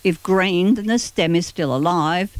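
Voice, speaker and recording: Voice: mid-range voice, measured pace, clean tone, no echo. A host of a gardening show, explaining plant care in a chatty, explanatory way. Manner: chatty, explanatory, with occasional light laughter. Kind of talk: gardening advice talk.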